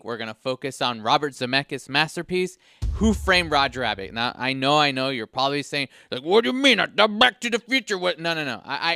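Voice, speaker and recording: A man's voice: mid-range voice, pushed and bright, clean tone, dry recording, studio quality. A man hosting a podcast segment, delivering an exasperated comedic rant with frequent stumbling restarts. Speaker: podcast host.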